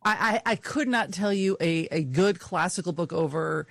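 A woman's voice: lowish voice, moderate pace, creaky, dry recording. Woman podcast co-host, casual chat, chatty, laughing, lots of fillers, dry close mic.

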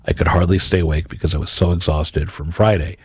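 A middle-aged man with a low, husky, somewhat mellow voice talks fairly quickly with fairly even intonation. Hosting a radio reflection on scripture in a radio studio, he speaks earnestly and conversationally, often restarting his sentences.

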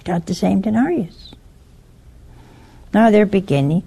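A woman's voice: medium pitch, very animated, creaky, darkish tone, husky. An older woman giving an informal sermon full of stories, teasing her viewers with questions. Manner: slow, teasing, asks the audience questions. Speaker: religious teacher on a video show.

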